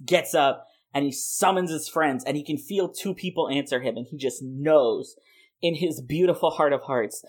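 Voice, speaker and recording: A podcast host with a husky, mid-range voice chats casually at a normal pace, playfully rambling through an invented comic book plot. He laughs often and fills his talk with lots of "like."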